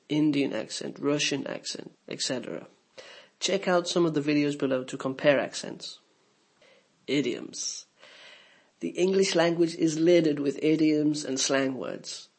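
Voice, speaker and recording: A man narrating a scripted English lesson, explaining clearly and giving spoken examples. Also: a little high. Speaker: English teacher.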